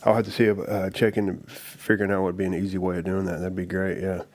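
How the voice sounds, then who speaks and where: A man's voice: deep voice, level tone, fast talker, a little mellow. A man hosting a recovery podcast, asking casual questions with brief encouraging replies. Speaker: podcast host. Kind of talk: casual interview.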